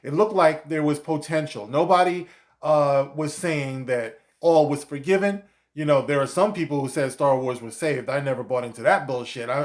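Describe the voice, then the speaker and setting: A man giving a profane, sarcastic rant as a video commentator, with many fillers like "you know". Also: on the high side. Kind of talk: ranting commentary vlog.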